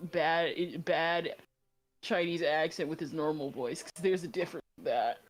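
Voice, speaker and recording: A woman's voice: sits low, normal speed. A woman guest on a stream, teasing and sarcastic in casual chat.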